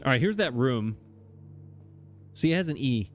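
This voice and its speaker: A man's voice: mid-range voice, sing-song, moderate pace, faint music behind. A man commenting on his own gameplay, flustered and exasperated, talking to himself. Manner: frustrated, exasperated, talks to himself. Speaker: let's play gamer.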